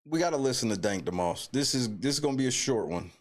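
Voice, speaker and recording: Animated mocking man, loud reactions. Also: mid-range voice, fast. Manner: mocking, animated, swears heavily. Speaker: online show host reacting to clips. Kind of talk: profane casual reaction commentary. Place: home studio under lights.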